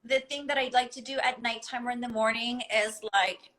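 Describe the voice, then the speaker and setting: A woman guest in a casual conversation, telling stories in an animated way and giggling often. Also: a little high, a little fast, rough recording. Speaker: podcast guest.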